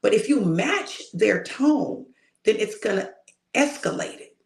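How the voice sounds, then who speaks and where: A woman's voice: mid-range voice, lively intonation, unhurried, vocal fry, echoey room. A woman minister delivering a casual, emphatic spoken sermon, talking straight to her listeners. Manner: emphatic and conversational, addressing listeners directly. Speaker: prophetic minister.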